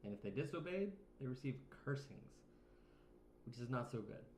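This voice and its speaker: A man's voice: mid-range voice, expressive, normal speed, darkish tone, slight background noise. A man co-hosting a children's Bible lesson with a cheerful, sing-song delivery. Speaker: co-host. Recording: echoey room.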